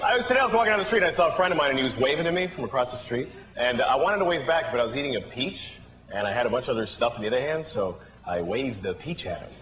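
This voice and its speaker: A man's voice: mid-range voice, expressive, very fast, a bit bright. A male comedian doing stand-up, telling rambling self-deprecating stories. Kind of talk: stand-up routine. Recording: hissy old TV broadcast recording.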